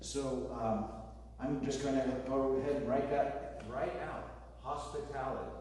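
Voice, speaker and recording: A pastor delivering a conversational sermon with joking asides, speaking to a congregation. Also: male voice, mid-range voice, steady tone, unhurried, a little mellow. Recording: very echoey hall, distant mic, faint noise.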